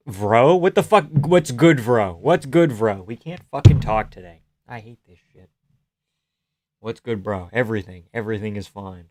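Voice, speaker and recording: A man's voice: mid-range voice, no room sound. A young man hosting a live stream, casually chatting and reading viewer comments aloud, swearing freely and laughing often.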